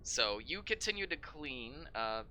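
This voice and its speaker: A man running a tabletop game, narrating scenes in a laid-back, joking way. His voice is very bright, and his pitch moves a lot as he describes what happens. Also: sing-song, measured pace, slight background noise. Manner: laid-back, laughing, casual swearing. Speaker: game master.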